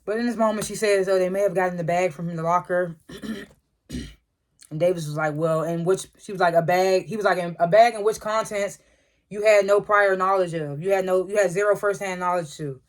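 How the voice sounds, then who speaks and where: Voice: medium pitch, fairly even intonation, brisk. Casual chatty TV recap reviewer. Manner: loose storytelling, lots of "like" and "was like" retellings; frequent throat clearing and chuckles. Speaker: TV episode reviewer.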